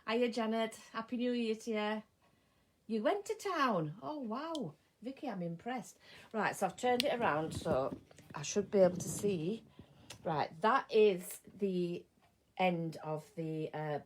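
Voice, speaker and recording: A woman's voice: mid-range voice, animated, a little slow, poor audio. A middle-aged English woman hosting a live sewing stream, chatting casually, greeting viewers by name and sometimes losing her words, sounding tired. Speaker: sewing channel host. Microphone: phone or camera mic.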